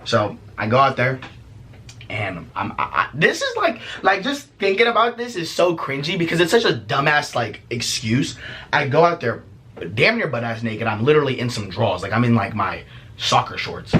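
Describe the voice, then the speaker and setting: A young man casually telling a story as a vlogger, profane and animated, laughing often. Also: medium pitch, normal speed.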